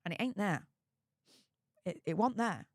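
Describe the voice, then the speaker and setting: A woman's voice: medium pitch, expressive, a little slow, no echo. Chatty woman hosting a gossip channel, talks straight to viewers, dry close mic. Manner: chatty, conversational, addresses viewers as guys. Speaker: YouTube royal gossip commentator. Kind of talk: casual commentary vlog.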